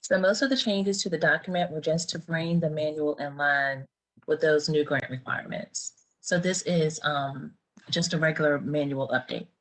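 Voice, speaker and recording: A woman's voice: low-pitched, normal speed, a bit bright, low-quality recording. A woman on a transit finance team explaining a document update at a board meeting, plain and hesitant. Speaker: finance staff. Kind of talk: staff report at a meeting.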